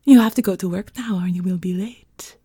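Whispered role-play: woman doing a husky French housewife, fake French accent, teasing, dry close sound. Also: lowish voice, fairly quick, dark tone, no room sound. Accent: put-on French. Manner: breathy, teasing, giggly. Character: seductive French housewife sending husband off.

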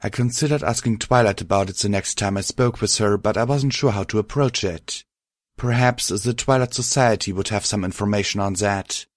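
A man reading a first-person story aloud in a steady, measured way. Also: fairly low pitch, no room sound, clean studio sound. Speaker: reader. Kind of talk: first-person fan fiction audiobook narration.

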